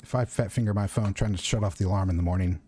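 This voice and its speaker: A man running a horror tabletop game as game master, narrating in a calm, measured way. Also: low-pitched, background noise.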